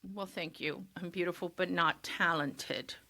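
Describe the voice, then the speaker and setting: A woman's voice: on the low side, steady tone, unhurried, bright, forceful tone. A woman co-hosting a podcast, chatting casually and poking fun at herself. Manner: chatty, self-deprecating. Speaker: podcast co-host. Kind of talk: casual chat.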